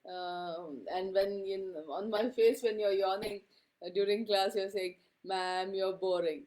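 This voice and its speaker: A middle-aged woman teaching a class. She talks in a loose, conversational way, filling pauses with "uh" and "um" and often checking in with her students with a quick "okay?". Her voice sits in an ordinary middle range. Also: medium pitch, fairly even intonation, mellow. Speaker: lecturer. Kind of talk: classroom lecture.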